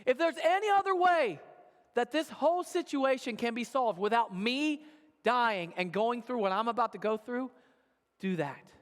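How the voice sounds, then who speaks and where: A man playing Jesus, solemn troubled teacher, low hushed delivery, high male voice, echoing hall. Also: normal speed. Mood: pleading. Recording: long hall reverb.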